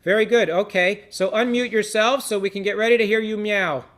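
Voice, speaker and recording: A man with a high, steady, fairly bright voice guides an online seder at a brisk pace. He prompts participants casually and encouragingly, staying upbeat and using frequent fillers. It's captured through a video-call microphone.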